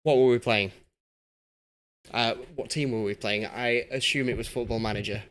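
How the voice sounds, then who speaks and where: A man's voice: mid-range voice, steady tone, moderate pace, a bit bright. A young man from Yorkshire chatting casually while live-streaming a football management game and reading chat aloud. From Yorkshire, England.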